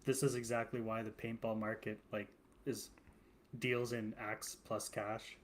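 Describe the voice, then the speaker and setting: Measured low-voiced male podcast guest. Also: flat delivery, a little hiss or hum. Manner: measured, thoughtful, trails off. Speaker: podcast co-host. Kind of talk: casual chat.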